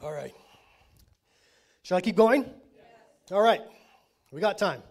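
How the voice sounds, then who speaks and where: A man preaching a sermon. He talks with his congregation, often checks in with them, and moves between quiet, low statements and loud, emphatic declarations. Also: expressive, slow. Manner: conversational preaching with frequent check-ins to the congregation. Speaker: pastor.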